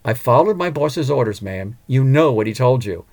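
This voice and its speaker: Steady, polite chauffeur, read by a man, middle-pitched and calm. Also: normal speed, natural voice. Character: calm loyal male chauffeur.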